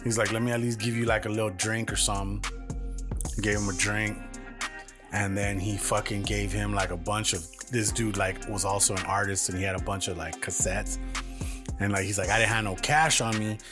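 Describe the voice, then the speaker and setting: Brisk and level in tone, this man's lowish voice carries a profane, meandering story he's retelling on a podcast he co-hosts, padded with plenty of fillers. Music runs behind him.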